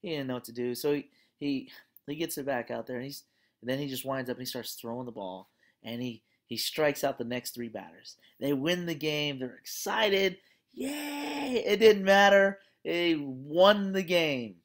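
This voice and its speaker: Give me a course instructor closing out the week with a relaxed spoken story. The delivery is conversational and full of fillers, then turns earnest and encouraging. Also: medium pitch, brisk.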